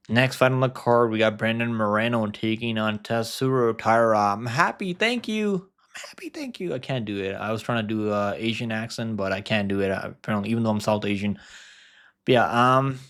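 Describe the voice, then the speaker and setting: A man's voice: lowish voice, clear, resonant tone. A man giving casual fight predictions, rambling with lots of fillers and restarts. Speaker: MMA predictions host. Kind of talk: casual fight-pick commentary.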